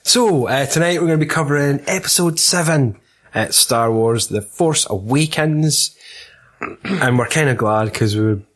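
A man's voice: medium pitch, unhurried. A Scottish man hosting a film podcast in casual chat, full of giggly, sweary banter. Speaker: podcast host.

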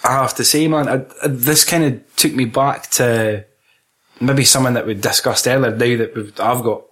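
A man's voice: medium pitch, moderate pace. Chatty, swearing Scottish man. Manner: swears freely, laughs often, animated. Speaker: podcast co-host. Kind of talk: casual film chat.

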